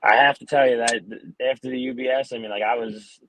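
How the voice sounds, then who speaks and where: A man's voice: medium pitch, steady tone, quick pace, background noise. A man in his twenties from New York, a podcast guest telling hockey stories in a rambling, laid-back way with lots of fillers. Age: 20s. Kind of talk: casual interview chat.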